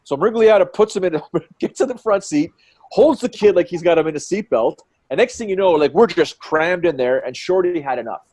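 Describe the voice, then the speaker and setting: Animated, slightly high-voiced male storyteller. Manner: excitable, quick storyteller who acts out quotes. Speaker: fight commentator guest.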